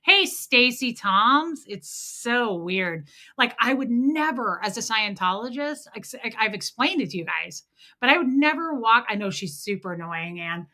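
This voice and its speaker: A woman's voice: fairly high pitch, animated, unhurried, pushed and bright. A woman hosting a casual livestream chat, sarcastic and mocking, swearing freely and greeting viewers by name. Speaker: livestream host. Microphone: home streaming mic.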